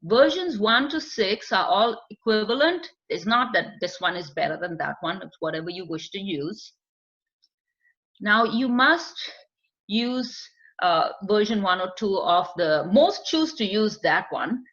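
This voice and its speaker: A woman explains a screening test during a training lecture, her non-native English peppered with fillers and acted client quotes. She has an expressive mid-range voice, a measured pace and a fairly bright tone, captured in a dull lo-fi recording.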